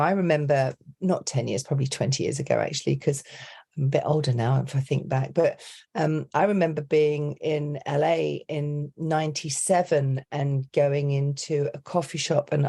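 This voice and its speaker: A middle-aged woman, a coach, chatting on a podcast in a lively storytelling way. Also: sits low, normal speed, gravelly. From Britain. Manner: chatty, animated storyteller who slips into accent impressions. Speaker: accent and dialect coach, guest. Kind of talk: casual podcast chat.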